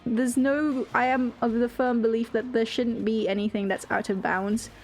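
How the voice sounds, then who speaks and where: A woman's voice: fairly high pitch, fairly even intonation, normal speed, faint music behind. A young woman streaming a game, chatting casually with viewers, reading chat aloud and giggling often. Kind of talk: casual live-stream chat while gaming.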